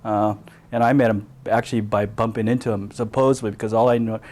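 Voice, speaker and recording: A man's voice: fairly low pitch, flat delivery, fast talker, darkish tone. A man telling an amused story in a documentary interview.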